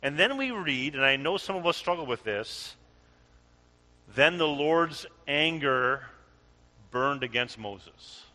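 A man preaching a sermon as a pastor, animated and acting out the voices of those he quotes. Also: fairly high pitch, slow pace, long reverb tail.

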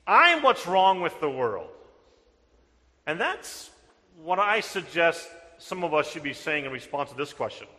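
A man's voice: on the high side, very animated, a little slow, sharp tone, big-room sound. A man preaching a sermon as pastor, earnest and answering his own rhetorical questions. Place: church sanctuary.

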